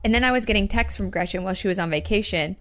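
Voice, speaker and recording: A woman co-hosting a podcast in casual chat, laughing readily and reacting to her co-host's stories. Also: mid-range voice. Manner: chatty, quick to laugh, reacts warmly. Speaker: podcast co-host.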